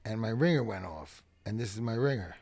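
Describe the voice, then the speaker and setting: A man from the Bronx, guesting on a podcast and telling animated, profane stories. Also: fairly low pitch, fairly quick, very noisy. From the Bronx, New York. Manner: animated, profane raconteur who acts out the people in his stories. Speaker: podcast guest, punk rock singer. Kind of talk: casual storytelling interview.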